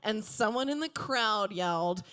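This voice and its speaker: Woman comic in her thirties, unhurried delivery, deadpan asides, club stage mic. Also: medium pitch, smooth. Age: 30s. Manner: deadpan asides, acts out quoted voices. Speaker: stand-up comedian. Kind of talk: stand-up comedy set. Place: comedy club stage with audience.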